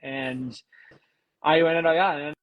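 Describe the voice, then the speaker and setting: A man guest on a podcast, telling a personal story earnestly and with emotion, often pausing with "um". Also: a little high, fairly even intonation, phone-quality sound. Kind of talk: casual conversation.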